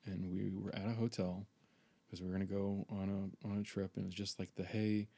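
A man talks through a personal story as a podcast host, in a low, mellow voice with a gravelly edge. He rambles, swears freely and leans on fillers and restarts. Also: flat delivery, quick pace. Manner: rambling, profane, many fillers. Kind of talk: candid personal monologue.

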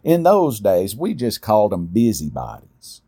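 A middle-aged man telling a personal story in a folksy, unhurried way. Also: lowish voice, wildly swooping pitch, dark tone, breathy edge. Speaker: storyteller, podcast host. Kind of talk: storytelling narration.

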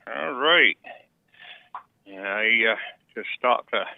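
A male caller from Maine phoning in to a radio show. He comes through a tinny, dry phone line. He talks in a halting, laid-back way at a middling pitch, pausing often with fillers. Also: animated, gravelly, no echo.

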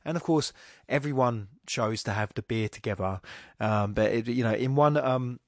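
A man's voice: mid-range voice, normal speed, darkish tone, no room sound, clean studio sound. A middle-aged man hosting a podcast, talking casually in a rambling, self-interrupting way with wry asides. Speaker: podcast host. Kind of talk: casual monologue.

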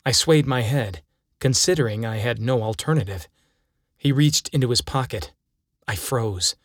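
A man's voice: mid-range voice, moderate pace, dry recording, clean studio sound. A man narrating his own first-person story, reading it aloud dramatically. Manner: dramatic storytelling with acted quotes.

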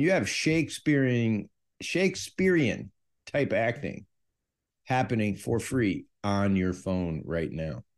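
A man's voice: lowish voice, a little mellow. A man hosting a history podcast, talking casually and jokingly about his subject. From United States. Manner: jokey, conversational, self-aware. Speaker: podcast host.

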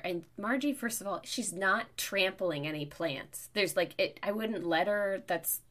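A woman podcast host telling a story in casual chat, getting louder and more worked up as she goes. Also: normal speed, hardly any pauses. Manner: animated, gets louder and higher as the story heats up. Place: New York.

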